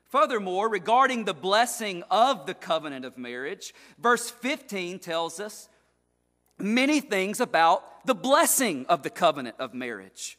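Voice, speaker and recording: A man with a high voice preaches an expository sermon, leaning on emphatic repetition and building phrases. His voice rings out with a long hall reverb, as in a church sanctuary. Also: pushed and bright. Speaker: pastor.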